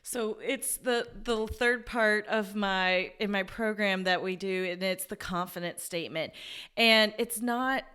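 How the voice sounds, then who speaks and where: A woman's voice: medium pitch, unhurried, bright, forceful tone, clean tone. A woman career coach as interview guest, earnest and enthusiastic, telling stories about her clients and laughing easily. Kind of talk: conversational interview.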